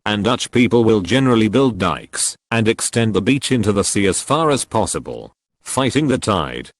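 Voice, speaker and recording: A man narrating a series of online forum posts as scripted readings, in a lively, up-and-down delivery. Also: fairly low pitch, normal speed, no room sound.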